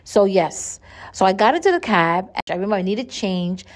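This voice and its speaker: A woman's voice: medium pitch, very animated, normal speed. A woman hosting a solo podcast, talking in a chatty, earnest way and often restarting and repeating her words. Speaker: podcast host. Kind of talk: casual solo podcast monologue.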